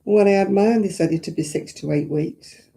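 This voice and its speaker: A woman's voice: medium pitch, normal speed, gravelly, dark tone. A woman chatting casually and homely to her live-stream viewers as she crochets, rambling and yawning often. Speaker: craft live-stream host.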